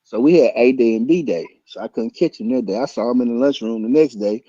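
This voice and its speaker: A man telling a story loudly and excitably, acting out voices and punches with sound effects. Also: medium pitch, quick pace, dry recording. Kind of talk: animated storytelling. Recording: dull lo-fi sound.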